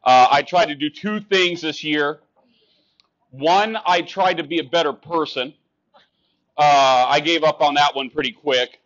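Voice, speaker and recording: A high-voiced man doing stand-up on a club stage, ranting and sarcastic as he talks to the crowd. The recording is dull and lo-fi. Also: a little slow, a bit bright. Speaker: stand-up comic. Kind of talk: stand-up comedy set.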